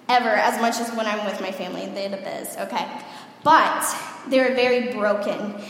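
A young woman giving a sermon testimony in a chatty, animated way, often checking in with "okay?". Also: high-pitched. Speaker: youth speaker giving testimony. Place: large hall with audience. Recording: echoey hall, room mic.

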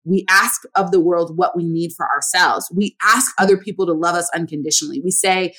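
A woman's voice: fairly low pitch, brisk, few pauses, bright, forceful tone. A woman hosting a podcast, talking in an earnest, emphatic, conversational way and often tagging her points with "right?". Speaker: podcast host. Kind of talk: casual conversational interview.

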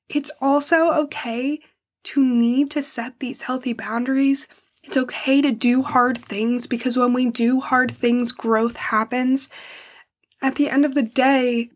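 A young woman hosting a personal podcast, speaking emotionally and pausing often to hold back tears, sometimes dropping to a soft whisper. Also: high voice. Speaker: podcast host.

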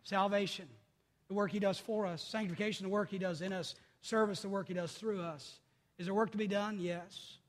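High-pitched guy preaching, gets loud then drops quiet, big reverby church sound. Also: fairly quick. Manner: animated preaching, swings between loud exclamations and quiet asides. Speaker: pastor. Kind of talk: sermon.

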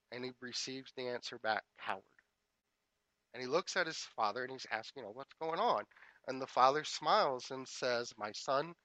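Male minister, spiritual sermon, bright, forceful tone, dry close sound, measured repeating cadence. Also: mid-range voice, dry recording, low-quality recording. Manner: measured, repetitive incantatory cadence.

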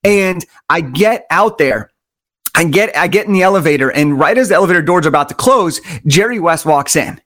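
A man telling stories as an interview guest, energetic and enthusiastic, stressing his points through repetition. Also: on the high side, brisk. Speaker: podcast guest. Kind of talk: conversational storytelling.

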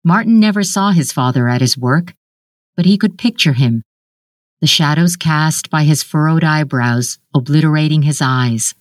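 A woman narrating a literary short story in a measured, even storytelling manner. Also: low voice, dry recording, studio quality.

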